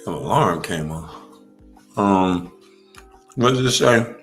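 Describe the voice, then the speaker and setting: A man's voice: deep voice, lively intonation, slow pace, a bit bright, faint music behind. A man in his forties hosting a comedic reaction stream, brash and profane, trash-talking and laughing often. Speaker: livestream host.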